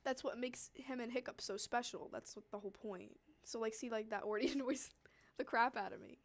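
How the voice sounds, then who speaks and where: A young woman with a slightly high voice chats loosely with her viewers while she works on a drawing. She rambles, laughs often and trails off mid-thought, and a cough has left her throat scratchy. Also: brisk. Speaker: streamer chatting with viewers. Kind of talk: casual chat while drawing.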